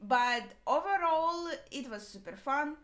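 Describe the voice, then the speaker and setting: A woman's voice: high voice, animated, unhurried, fairly bright tone. A woman, not a native English speaker, hosting an anime reaction video, chatting casually and thinking aloud with lots of fillers.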